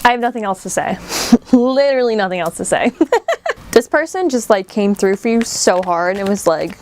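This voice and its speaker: A woman giving a casual pick-a-card tarot reading, excitable and quick to laugh, talking straight to her viewers, her voice a little worn. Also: mid-range voice, slight background noise. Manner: excitable, laughs often, addresses viewers directly. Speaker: tarot reader. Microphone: camera on table while shuffling cards.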